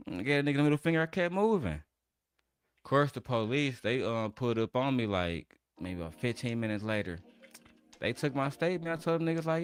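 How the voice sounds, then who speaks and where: A man telling a rough personal story in a casual, profane rant, animated and full of streetwise slang. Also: mid-range voice, moderate pace, soft background music.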